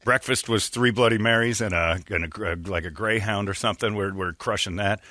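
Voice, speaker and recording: A man's voice: on the low side, brisk, sharp tone. A man hosting a radio show, telling a rambling, joking anecdote in a blunt, casual way. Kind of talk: casual talk-radio storytelling.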